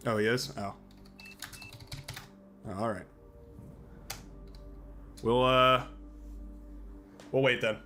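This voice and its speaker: A chatty man livestreaming a strategy game, thinking out loud and getting excited as things happen. His voice is bright and forceful. Faint music plays quietly underneath. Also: mid-range voice, very slow, pauses often. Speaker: streamer playing a strategy game. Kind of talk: live game-stream commentary.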